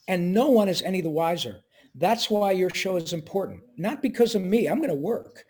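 A middle-aged voice actor, guesting on an interview, tells personal stories with feeling and jumps into quick impressions of the people he quotes. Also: sits high, lively intonation, a little mellow. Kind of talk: emotional interview storytelling.

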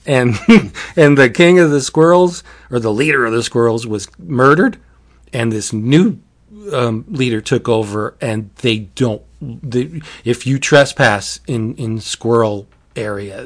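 A man's voice: medium pitch, measured pace. Man in casual chat retelling a book, rambling delivery, frequent restarts and laughs. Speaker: book reviewer.

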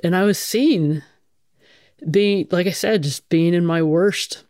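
A woman's voice: fairly low pitch, slow pace, darkish tone, dry recording, clean studio sound. A middle-aged woman, a firefighter, telling her story frankly in an interview, swearing casually and restarting her sentences often. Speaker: guest, firefighter.

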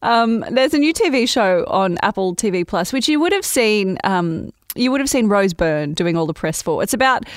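A woman co-hosting a casual podcast, her voice sitting in a middle pitch. She is chatty and playful, trading jokes before settling into earnest points. The recording is dry and close. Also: lively intonation, moderate pace, few pauses, dry recording. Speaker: podcast co-host. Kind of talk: casual chat.

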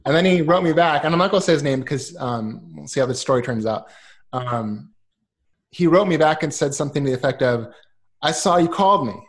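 A man's voice: fairly high pitch, brisk. A man in his thirties chatting as a podcast guest, telling stories with lots of ums and acting out what others said. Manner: animated, acts out quoted voices, many ums. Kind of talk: casual storytelling chat.

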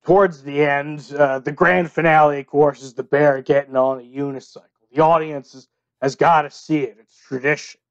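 A man's voice: on the high side, moderate pace, clean tone, dry recording, highs cut off, natural voice. A man playing a former circus sideshow performer, talking bluntly and matter-of-factly in an improvised comedy podcast. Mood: deadpan. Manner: deadpan, blunt, matter-of-fact.

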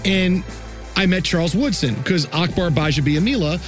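A man co-hosting a casual sports podcast, telling an animated story and acting out what people said. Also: sits high, moderate pace, soft background music. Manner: animated storyteller, acts out quotes. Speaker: podcast co-host.

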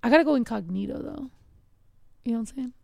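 A woman's voice: a little high, lively intonation, fast talker, gravelly, a little mellow, no room sound. A woman co-hosting a podcast, telling brash, profane stories in casual slang-filled chat. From Mexican heritage. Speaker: podcast co-host.

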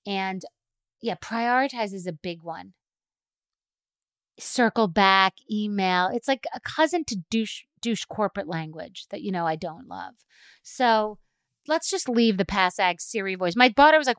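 A middle-aged woman hosting a podcast, ranting animatedly and mocking a calm, whispery customer-service voice. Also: medium pitch, measured pace, dry recording. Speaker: podcast host. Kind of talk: solo ranting podcast talk.

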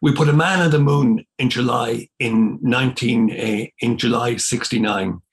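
Gravelly older Irish man, storytelling. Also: medium pitch, normal speed. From Ireland. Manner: animated retelling, voice rising when quoting. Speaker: priest. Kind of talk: storytelling in conversation.

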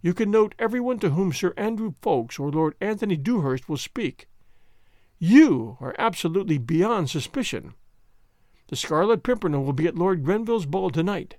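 A man's voice: high-pitched, lively intonation, moderate pace, darkish tone, no echo. A man voicing a cold, relentless male French diplomat in an audiobook, speaking dryly and without mercy. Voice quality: dry, relentless delivery.

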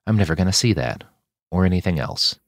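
A man's voice: low voice, big pitch swings, fairly quick, dry recording, studio quality, full character voice. A man voicing a despairing wounded runner. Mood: resigned. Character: wounded adult man fleeing gunfire, despairing.

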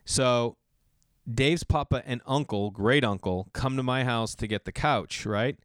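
A middle-aged man from the US Northeast hosting a podcast. He tells a long personal story in a rambling, animated way, with lots of restarts and quick jumps into other people's voices. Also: medium pitch, smooth, no room sound, studio quality. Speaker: podcast host. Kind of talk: storytelling monologue.

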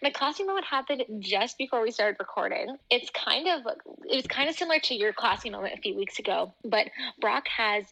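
A woman's voice: a little high, animated, brisk, gravelly, pushed and bright, low-quality recording. A young woman co-hosting a podcast, chatting casually and telling upbeat stories full of "like" fillers. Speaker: podcast co-host. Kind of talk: casual chat.

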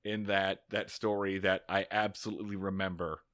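A man's voice: deep voice, level tone, moderate pace, fairly bright tone, dry recording, studio quality. A man co-hosting a comedy podcast, bantering sarcastically and swearing casually. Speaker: podcast co-host.

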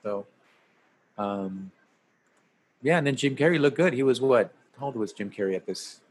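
A man chatting casually about a movie, relaxed and rambling, with a slightly husky voice. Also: mid-range voice, moderate pace. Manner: relaxed, rambling, many fillers.

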